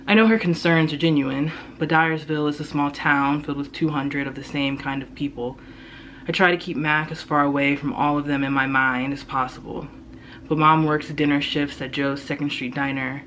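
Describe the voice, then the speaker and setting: A young man, a student, reading his own first-person fiction aloud in a steady, low-key way. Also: normal speed, a little hiss or hum, rough recording. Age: young adult. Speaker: student reader.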